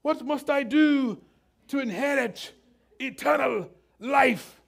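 An earnest rich young man speaks in a plummy put-on British accent, as a preacher acts him out. His voice rides high and his words come slow and drawn out. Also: creaky, exaggerated voice.

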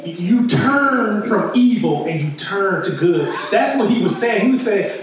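A man with a high voice preaches a sermon in a casual, conversational way, tossing "right?" to the room again and again. His voice rings through a very echoey church hall, caught from a distance with a faint hum of room noise behind. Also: animated, a little slow, hardly any pauses. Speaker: pastor.

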